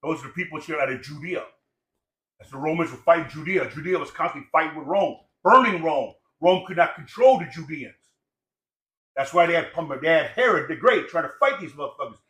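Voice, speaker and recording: High forceful guy ranting, swears a lot, repeats himself, from samoan roots, echoey room. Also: lively intonation. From Samoan heritage, born in Los Angeles. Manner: profane, preachy, repetitive, rapid-fire. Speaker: podcast guest. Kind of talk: casual ranting talk.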